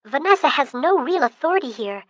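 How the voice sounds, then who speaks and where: A woman's voice: sits high, big pitch swings, brisk, no room sound, voice pushed up. A woman reading an audiobook, voicing a brave young girl who speaks in an urgent, pleading way.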